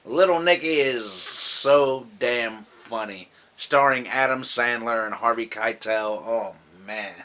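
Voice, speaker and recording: A man with a bright, forward voice talks through a movie countdown after a few drinks, his words loose and slurring a little. He rambles, swears freely and breaks into laughter as he goes. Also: mid-range voice, slow, few pauses. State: drunk. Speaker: movie vlogger.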